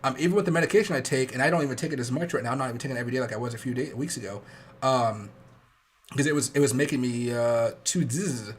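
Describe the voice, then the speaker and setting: Fast-talking young man hosting a trading stream. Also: medium pitch, a little hiss or hum. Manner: fast rambling chatty, with fillers. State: sick, coughing. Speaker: trading livestream host. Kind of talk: casual livestream talk.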